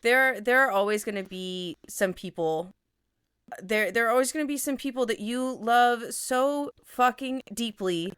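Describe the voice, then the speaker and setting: Smooth-voiced, halting woman podcaster. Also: on the high side, fairly bright tone, no echo, clean studio sound. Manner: agreeable, halting, frequent restarts and swearing. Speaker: podcast co-host. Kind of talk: casual chat.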